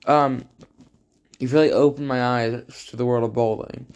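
A teenage boy talks in a loose, casual ramble, cracking jokes as he goes. He fills gaps with ums and wanders into side comments, and his voice sits at an ordinary middle pitch. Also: fairly even intonation, normal speed, darkish tone, a little hiss or hum. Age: teens. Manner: rambling, joking, lots of fillers and asides. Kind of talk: casual spoken tribute to a friend.

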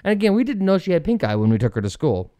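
A man's voice: high-pitched, sing-song, very fast, mellow, clean tone, dry recording. Male podcast co-host, casual rambling chat, dry close sound, easy laughter. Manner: chatty storyteller, laughs easily, rambles.

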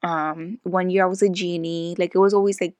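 A young woman co-hosting a podcast, telling stories in casual chat, full of "like"s and animated asides. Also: fairly low pitch, fairly quick, no room sound. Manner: chatty, animated storytelling with many "like"s. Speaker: podcast co-host.

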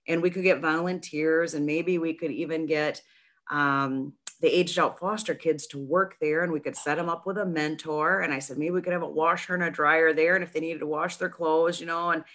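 A middle-aged woman, a guest in a casual interview, spinning a long anecdote. Her voice sits a little low but sounds bright and forward. She talks in an animated way, doubling back on her words as the story builds. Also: normal speed. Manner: chatty, animated storyteller with many restarts. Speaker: nonprofit founder, guest.

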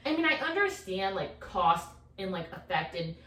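A young mother chatting casually, an animated storyteller who swears freely and talks in fillers. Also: medium pitch, normal speed. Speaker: mom and podcast co-host. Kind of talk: casual chat. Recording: echoey room, far from mic, faint hiss.

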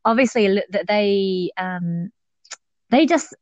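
A woman's voice: mid-range voice, slow, no room sound. Podcast guest, woman with a New Zealand accent, casual and rambling, dry, muffled call audio. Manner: chatty, many fillers and restarts. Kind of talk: casual interview chat.

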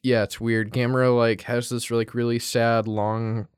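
A laid-back man talking casually about a movie, his speech full of "like"s and hedges. The room sounds dry and close, and his voice sits at an ordinary middle pitch. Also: flat delivery, measured pace, clean tone, dry recording. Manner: laid-back, hedging with many "like"s.

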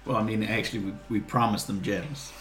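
A man's voice: on the low side, steady tone, a little fast, a bit bright, echoey room, soft background music. A man playing a tabletop game, chatting casually and teasing the others. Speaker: player. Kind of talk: casual in-character chat.

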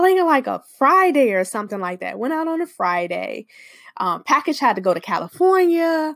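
Woman, small-business owner, unhurried expressive storyteller, dry close sound. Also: medium pitch, dry recording. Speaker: hair care business owner. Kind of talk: personal storytelling.

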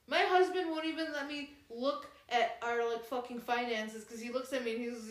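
High-voiced, blunt, profane woman in an echoey room. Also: fairly even intonation, normal speed, hardly any pauses. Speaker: podcast co-host. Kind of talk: casual chat reviewing a book. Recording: roomy echo.

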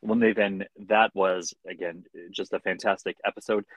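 A man's voice: low voice, fairly even intonation, moderate pace, no room sound. A man co-hosting a podcast in casual chat, teasing his partner with playful, mock-dramatic lines. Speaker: podcast co-host.

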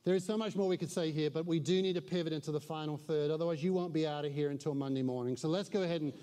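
A pastor preaching to a congregation, a man with a slightly higher voice. He tells stories and sinks to a hush at tense moments. The sound rings with a long reverb from the church hall. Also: fairly even intonation, racing, clear, resonant tone. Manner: storytelling, dropping to a hushed voice in tense moments. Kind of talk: sermon.

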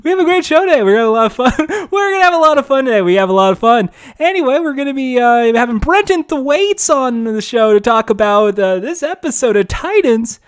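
A man doing a mock impression of a chipper male TV host, with over-eager, rapid-fire hosting patter. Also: very high-pitched, big pitch swings, clean tone, no room sound, clean studio sound, voice pushed up. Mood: hyped.

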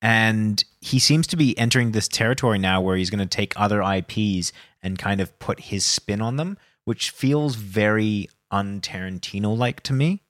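A man's voice: lowish voice, moderate pace, hardly any pauses, fairly bright tone, no echo. A man co-hosting a film news podcast in a studio, musing in loose, qualified phrases. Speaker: podcast co-host. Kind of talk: casual film news chat.

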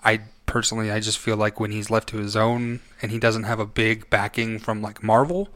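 A man's voice: lowish voice, fairly bright tone, no echo. A man co-hosting a podcast, giving a casual film review in a rambling way, full of restarts and self-corrections. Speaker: podcast co-host.

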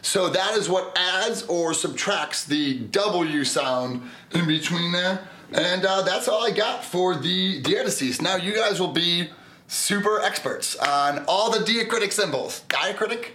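A man's voice: sits high, animated, slow, sharp tone. A man co-hosting a language podcast, explaining pronunciation patiently in an easygoing way. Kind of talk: casual teaching chat. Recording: echoey room.

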